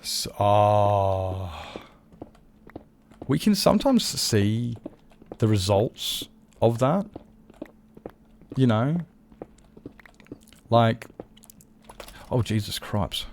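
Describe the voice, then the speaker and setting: A man chats to his viewers during a game stream in a low voice. His tone has a gravelly fry throughout. He rambles loosely, swears freely and often stops to correct himself. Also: animated, very slow, pauses often, a little mellow, slight background noise. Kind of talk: casual live-stream chat.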